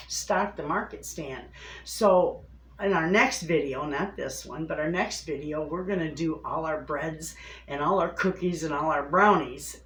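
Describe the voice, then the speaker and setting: A woman's voice: fairly low pitch, reverberant, rough recording. A woman homestead vlogger chatting casually to the camera from her home, calling her viewers friends. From Michigan, USA.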